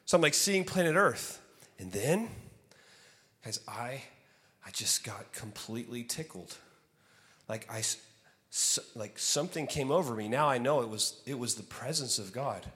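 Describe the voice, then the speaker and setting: A man preaching a sermon as a guest speaker, telling a personal story in an animated way and acting out what was said, then easing into softer, reflective teaching. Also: mid-range voice, normal speed. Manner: animated, acts out his own story with loud exclaimed quotes; drops to soft, hushed delivery for reflective points. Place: church sanctuary. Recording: long reverb of a large hall.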